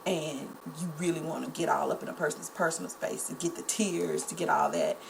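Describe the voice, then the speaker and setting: An indignant young woman talks directly to her viewers, calling them y'all. Her voice has a gravelly edge. A faint hiss sits under the recording. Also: low voice, sing-song, a little fast. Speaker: vlogger. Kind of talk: casual commentary to camera.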